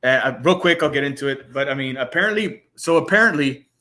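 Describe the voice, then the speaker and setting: A man talking casually as a guest on a podcast, excited and profane, with frequent stumbling restarts. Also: medium pitch, quick pace. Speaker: guest panelist.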